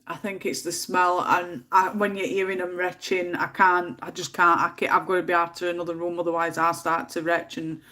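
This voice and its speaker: An English woman with a bit of a cold hosts a casual colouring livestream from home, chatting, laughing often and muttering to herself while choosing colours. Her voice is on the low side and pushed and bright, delivered flatly at a brisk clip with few pauses.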